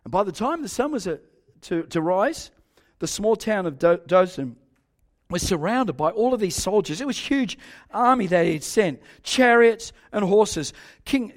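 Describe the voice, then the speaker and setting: An older man preaching a sermon, telling a story animatedly with soft asides and loud exclaims. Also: sits high.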